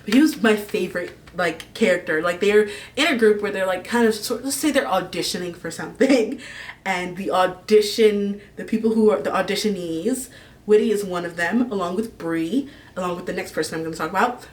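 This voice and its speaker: A woman's voice: mid-range voice, a little fast, distant mic. A young woman vlogging in a casual, rambling, gushing way, laughing often as she talks about a book's characters. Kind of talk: casual fan casting chat.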